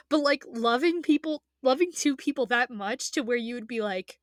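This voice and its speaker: A woman's voice: high voice, fairly quick, hardly any pauses, no echo, clean studio sound. A young woman in a casual, emotional rant as an anime fan, passionate and rambling, swearing freely and trailing off into fillers.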